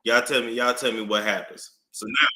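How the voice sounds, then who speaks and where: A man with a New York accent giving casual gossip commentary, animated and drawn out, often repeating himself. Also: medium pitch, brisk, gravelly. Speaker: commentary streamer. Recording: echoey room.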